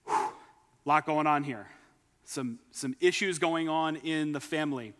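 A man's voice: a little high, measured pace, fairly bright tone. Man preaching in a reverberant hall. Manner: storytelling, retells scripture with emphatic asides. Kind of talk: sermon.

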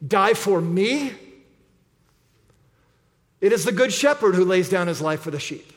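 Earnest preaching man in a reverberant hall. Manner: earnest preaching, drops low and quiet for emphasis. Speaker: pastor. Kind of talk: sermon.

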